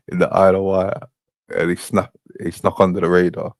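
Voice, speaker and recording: Radio host, very deep voice, deadpan teasing of callers, dry close sound. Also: male voice, a little fast, dry recording, poor audio. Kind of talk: casual call-in banter.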